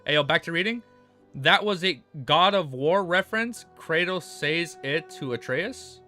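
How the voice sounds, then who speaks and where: A man on a live stream reads a novel aloud and keeps breaking in with excitable, profane reactions. His voice sits a little high and sounds bright and forceful. Soft music plays faintly behind him. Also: measured pace. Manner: excitable, swears freely, laughs often. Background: faint background music.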